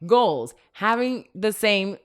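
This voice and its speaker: Woman podcast co-host, thirties, lively storyteller who laughs through her stories and acts out quotes. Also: mid-range voice, slow pace, smooth. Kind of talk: casual chat.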